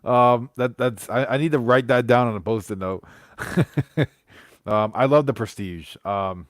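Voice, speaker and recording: A man hosting a casual live stream, talking through movies in a loose, rambling way full of "um"s and restarts. His voice sits at an ordinary middle pitch, recorded close and dry with no room sound. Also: unhurried, dry recording. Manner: rambling, chatty, many fillers and restarts.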